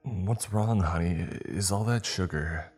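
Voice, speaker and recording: A man voicing a warm, caring middle-aged foster mother in a spoken horror story, with his voice lifted a little and gently motherly. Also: low voice, takes it slowly, husky, soft background music, voice pushed up, heavily acted. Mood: tender.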